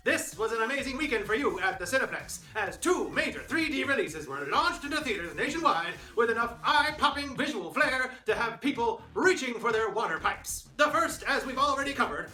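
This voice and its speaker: A man's voice: extremely high pitch, sharp tone, roomy sound, low-quality recording. A man hosting a film review show, reading a scripted review with wry, sarcastic asides.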